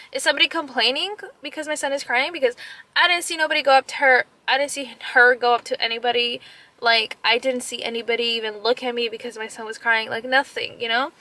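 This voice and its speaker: A young woman and mother retelling an upsetting story in a casual vlog, animated, full of "like" fillers and slipping into Spanish phrases. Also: fairly high pitch. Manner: upset and emotional. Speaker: vlogger.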